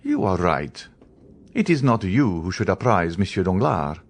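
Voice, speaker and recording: A man's voice: low-pitched, very animated, moderate pace, exaggerated voice. A man voicing a stern, imperious middle-aged priest who interrogates with authority.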